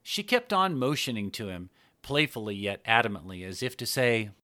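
A man narrating an adult fiction story in a measured storytelling manner. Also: lowish voice, big pitch swings, sharp tone, no room sound, clean studio sound.

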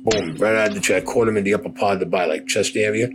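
A man's voice: on the low side, fairly even intonation, racing. An older man, a war veteran, recounting his combat memories in a blunt, profane storytelling way.

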